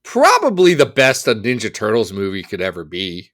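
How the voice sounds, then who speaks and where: A man's voice: on the low side, wildly swooping pitch, moderate pace, a bit bright. A man co-hosting a comics podcast in casual, joking chat, playful and self-mocking. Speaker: podcast co-host.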